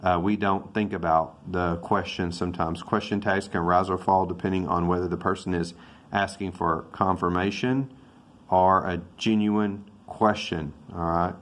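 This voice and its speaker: Very low-voiced man teaching English casually. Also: fairly even intonation, moderate pace, fairly bright tone. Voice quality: loose, self-correcting, thinking aloud. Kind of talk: casual video lesson on intonation.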